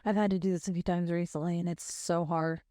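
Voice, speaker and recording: A woman's voice: on the low side, fairly even intonation, dark tone, dry recording, studio quality. A young woman co-hosting a podcast, chatting casually and candidly about her own experiences and readily agreeing with her co-host. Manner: candid, relatable, quick to agree. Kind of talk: casual chat.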